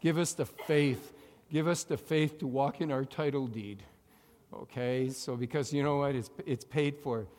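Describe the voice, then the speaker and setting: A man's voice: medium pitch, a little slow. Man preaching in a reverberant hall. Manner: call-and-response, swings between loud emphasis and quiet asides. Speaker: pastor. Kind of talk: sermon. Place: church sanctuary.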